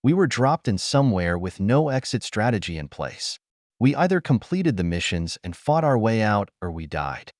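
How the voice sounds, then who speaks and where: Guy doing a bitter old soldier type, growly and blunt, low voice. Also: very animated, normal speed, a little mellow, no room sound, clean studio sound. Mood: gruff. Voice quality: gruff, growling. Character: gruff battle-worn male soldier.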